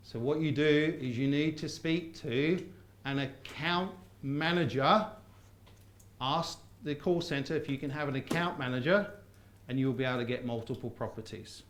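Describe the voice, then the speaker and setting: Lively male seminar trainer. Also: on the high side, normal speed. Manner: lively, quizzes the audience with call-and-response. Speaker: property course trainer. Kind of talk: live seminar teaching. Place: seminar room with audience. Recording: roomy seminar hall sound.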